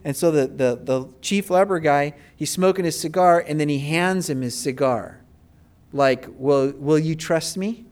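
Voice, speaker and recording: A man's voice: a little high, moderate pace, clean tone. A male pastor preaching a sermon, telling stories casually with fillers and rising bursts of emphasis.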